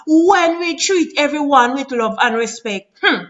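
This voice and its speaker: A woman's voice: high voice, animated, unhurried, hardly any pauses, fairly bright tone, highs cut off. A woman with a Jamaican Patois accent, delivering a spoken-word lament in a pleading, sing-song chant. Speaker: vlogger.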